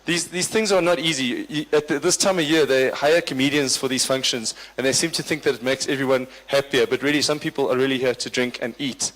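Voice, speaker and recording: A man's voice: mid-range voice, steady tone, brisk, hardly any pauses, a bit bright. A man doing stand-up as the MC of a corporate party, teasing the audience in a dry, bantering way. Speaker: comedian and event MC. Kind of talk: live stand-up crowd work. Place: large hall at a corporate function. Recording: long hall reverb.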